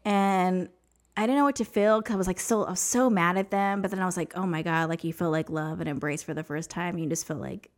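A woman's voice: fairly low pitch, steady tone, brisk. Emotional woman telling her story. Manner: emotional, rambling, many "like" fillers. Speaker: podcast guest. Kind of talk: casual personal storytelling.

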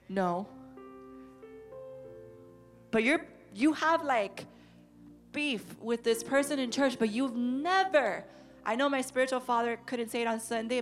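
Lively woman preacher, fairly high voice, faint music underneath. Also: measured pace, long pauses. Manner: animated, acts out quotes, rising to emphatic declarations. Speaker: youth preacher. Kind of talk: sermon.

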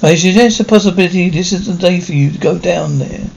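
A man playing a gentle, loyal male servant in a 1950s television drama, speaking politely and soothingly. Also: sits high, fast talker, vocal fry, low-quality recording. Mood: soothing, deferential. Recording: faint hiss of an old TV soundtrack.

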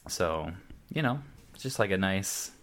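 Low, deep male voice; casual podcast storyteller, loose and rambling. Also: expressive, measured pace, a bit bright. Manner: rambling, many fillers and restarts. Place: podcast setup, in from Grand Rapids.

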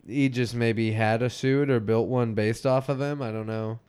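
Smooth-voiced man in casual chat. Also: medium pitch, steady tone, darkish tone. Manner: retells scenes with quick mimicked lines. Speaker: podcast co-host. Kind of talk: casual chat recapping a cartoon episode.

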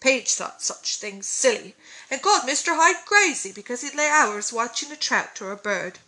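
A woman voicing an eager, shy boy with rough country speech, in a storybook reading. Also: high-pitched, lively intonation, moderate pace, bright, forceful tone, rough recording. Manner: rustic dropped words, eager.

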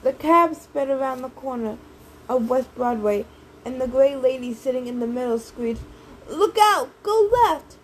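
A woman reading a first-person novel aloud in a brisk, lively storytelling manner. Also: sits high, a little hiss or hum, poor audio. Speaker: audiobook reader.

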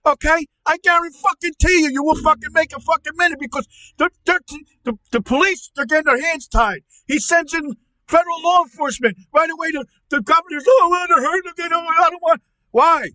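A man playing a ranting, profane, angry middle-aged uncle on a comedy podcast, stammering and repeating himself as he yells. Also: very high-pitched, brisk, no room sound, poor audio. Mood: furious. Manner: yelling, profane, repetitive stammering rant.

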